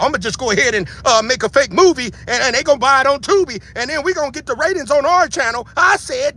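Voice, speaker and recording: High-pitched guy on a live stream, super animated, swearing and yelling at the footage. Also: fast talker, hardly any pauses. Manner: loud, profane, laughing, excitable. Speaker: livestream host. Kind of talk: livestream reaction commentary.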